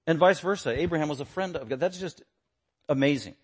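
A man preaching a sermon, emphatic, repeating short punchy phrases and swinging between loud declarations and quiet low asides. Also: a little fast, slightly rough.

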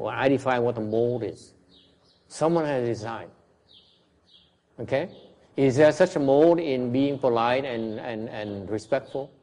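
A man's voice: mid-range voice, warm tone. A man whose first language is Vietnamese, teaching a class in a blunt, questioning way. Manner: blunt, questioning, switches between English and Vietnamese. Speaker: Buddhist teacher.

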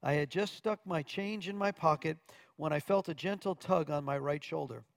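A man's voice: a little high, normal speed, creaky, no echo. A man preaching from Arkansas, earnestly telling a testimony story with quoted dialogue and occasional stumbles.

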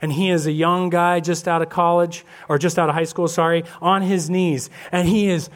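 A man preaching a lively sermon as pastor, acting out little scenes and voices of churchgoers. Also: fairly high pitch, moderate pace. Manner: animated, acts out congregation voices. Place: church sanctuary.

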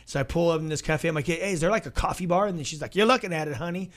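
A man with a slightly high voice tells tour stories in an easy, talkative way. He acts out the people in his stories and moves quickly from one scene to the next. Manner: animated storyteller, acts out dialogue. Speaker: ministry tour leader. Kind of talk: casual recap storytelling.

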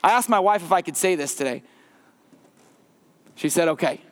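A man preaching a conversational sermon as a pastor in a church, slowing and dropping his voice for emphasis. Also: sits high, animated, long reverb tail. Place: church sanctuary.

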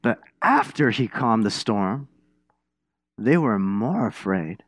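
A man preaching a sermon in a casual, conversational way, asking the congregation questions and dropping to a hushed voice for quiet moments. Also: lowish voice, sing-song, slow, no room sound, clean studio sound. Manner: conversational, asks the congregation questions, many restarts. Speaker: pastor. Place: church.

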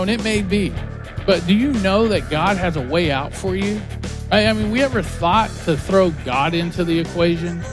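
High-voiced animated male pastor. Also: moderate pace, over music. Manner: animated storytelling, acting out quoted voices. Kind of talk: sermon.

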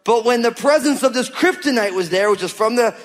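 A man's voice: very high voice, lively intonation, a little fast. A man preaching a sermon to his church in a conversational, emphatic way, often acting out quoted voices. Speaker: pastor. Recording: long hall reverb.

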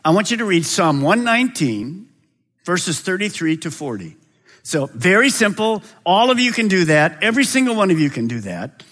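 A man preaching a sermon as pastor of a large church, with a dramatic delivery that swings from loud high calls to quiet, low drops.

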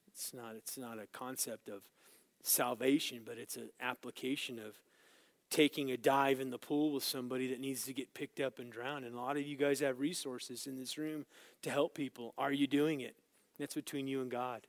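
A man teaching a Bible lesson as a sermon, swinging between loud, emphatic scripture reading and quiet, casual asides to his listeners. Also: medium pitch, fairly even intonation, normal speed, no echo. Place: church room with small group.

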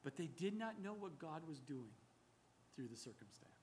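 Guy preaching a sermon, pretty high voice for a man, emphatic, keeps correcting himself mid-sentence. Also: normal speed, slight background noise. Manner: animated, emphatic preaching with frequent self-corrections. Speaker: pastor.

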